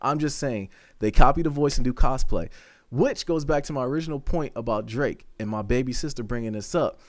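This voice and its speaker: A man co-hosting a podcast in casual chat, animated and quick to laugh. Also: mid-range voice, no room sound. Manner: fast, animated, laughing often. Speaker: podcast co-host.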